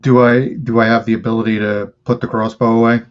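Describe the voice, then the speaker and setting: A man's voice: medium pitch, flat delivery, brisk, dull audio. A man playing in a tabletop game, politely asking about rules and declaring his actions. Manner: polite, asks rules questions. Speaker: player. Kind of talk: casual tabletop game play.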